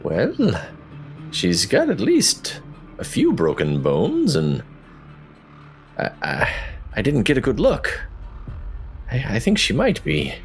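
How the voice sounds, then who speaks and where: A man playing a halting wounded warrior. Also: mid-range voice, huge pitch swings, soft background music, pitched below the performer's own voice, exaggerated voice. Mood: subdued. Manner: hesitant, halting speech. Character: wounded male warrior, hesitant and remorseful.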